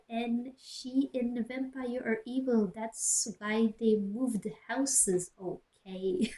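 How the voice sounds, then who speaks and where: A woman's voice: a little high, dark tone, low-quality recording. A young woman streamer reading a story aloud with sarcastic asides and muttered jokes, into a cheap headset in a small closed room. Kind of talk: mocking dramatic reading with asides. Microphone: cheap gaming headset.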